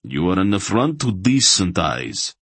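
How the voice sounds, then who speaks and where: A man's voice: sits low, very animated, unhurried, a bit bright, slightly rough, dry recording, exaggerated voice. A man reading an audiobook and voicing a rigid, puritanical male zealot who speaks harshly and accusingly. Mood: outraged.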